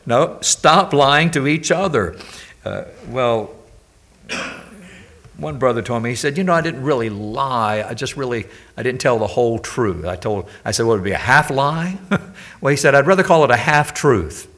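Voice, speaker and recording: An older male preacher delivers a sermon in a relaxed, conversational way. His voice sits at a middle pitch, and he weaves in personal stories and frequent questions to the congregation. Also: normal speed. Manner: conversational, anecdotal, asks the audience questions.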